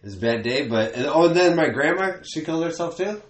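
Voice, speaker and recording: A man's voice: fairly high pitch, expressive, brisk. A man telling a rambling story on a casual podcast, swearing and trailing off often. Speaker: comedian podcast host. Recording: echoey room with faint noise.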